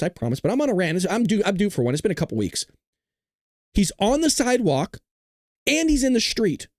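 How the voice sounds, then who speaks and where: A man hosting a live stream, ranting loudly with heavy swearing and jokes while he reads the chat. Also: high-pitched, dry recording, clean studio sound. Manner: loud, ranting, profane, jokey. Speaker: livestream host.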